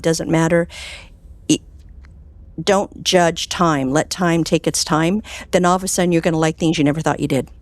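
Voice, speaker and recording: A woman, a clinical hypnotherapist, talking as a guest in an interview, telling stories with animated swings up in pitch and soft whispers on quoted phrases. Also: no echo. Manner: animated storytelling, voice jumping high with enthusiasm. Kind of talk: conversational interview.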